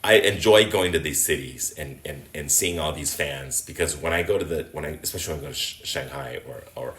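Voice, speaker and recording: An American man from Los Angeles, a sports host, telling stories in a casual interview. He talks in an animated way, full of fillers, and acts out the shouts of fans. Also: rumbling low, fairly quick, reverberant. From Los Angeles, USA. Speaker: guest, sports host and entertainer.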